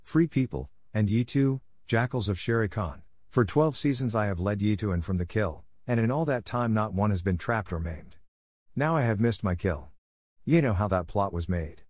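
A man's voice: fairly low pitch, lively intonation, normal speed, a little mellow, no room sound, clean studio sound. A man reading aloud, voicing a weary, dignified old male wolf who leads a pack. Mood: solemn. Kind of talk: audiobook reading.

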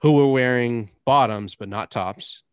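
A man's voice: mid-range voice, measured pace, clean tone, no room sound, clean studio sound. A young man, chatting casually as a podcast host, rambling through stories, laughing often and cursing now and then. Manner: rambling storyteller, laughs often, drops curses. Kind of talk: casual chat.

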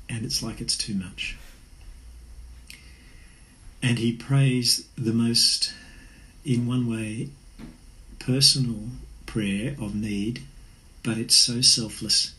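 A man's voice: mid-range voice, takes it slowly, long pauses, a bit bright, poor audio. Aussie pastor guy preaching, earnest and chatty, ums here and there. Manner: earnest, conversational preaching with fillers. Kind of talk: sermon.

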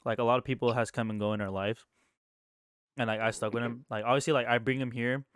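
A man's voice: medium pitch, fairly even intonation, fast talker, fairly bright tone, clear, resonant tone, no echo, studio quality. A young man hosting a podcast in casual chat, effusive and emphatic, swearing freely. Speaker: podcast host.

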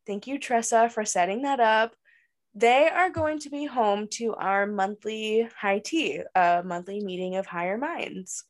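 A woman co-hosting a podcast in casual chat, animated and laughing often, with many fillers. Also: medium pitch, unhurried. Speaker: podcast co-host.

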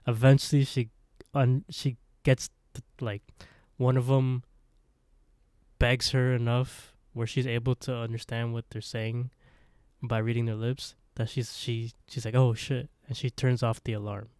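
A man co-hosting a casual podcast, walking through a story and breaking into laughter often. His voice sits mellow and dark, recorded close and dry with no room sound. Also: medium pitch, level tone, a little slow, no echo. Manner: laughs often while retelling the plot. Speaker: podcast co-host. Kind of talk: casual recap chat.

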